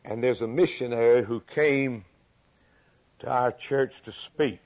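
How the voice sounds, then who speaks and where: An older man preaching a sermon as pastor, moving from loud, high preaching to quiet storytelling. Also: a little slow. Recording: dull lo-fi recording.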